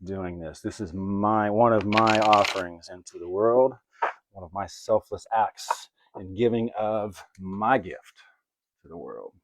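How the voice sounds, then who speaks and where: A man's voice: lowish voice, a little slow, dry recording. A man giving live oracle card readings to viewers he greets by name, casual and swearing now and then. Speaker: livestream card reader.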